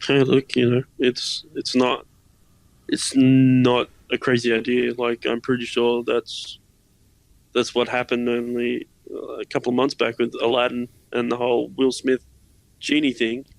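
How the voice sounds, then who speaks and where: Gravelly-voiced laid-back male co-host. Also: mid-range voice, monotone, unhurried, no room sound, rough recording. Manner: laid-back, teasing, short replies. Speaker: podcast co-host. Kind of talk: casual chat.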